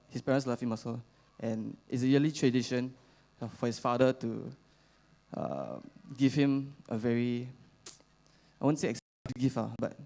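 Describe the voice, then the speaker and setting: Young Singaporean man, halting chatty storyteller. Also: mid-range voice, darkish tone. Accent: Singaporean English. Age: young adult. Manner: halting, many fillers, chatty with slang particles. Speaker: youth speaker at church. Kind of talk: casual storytelling sermon.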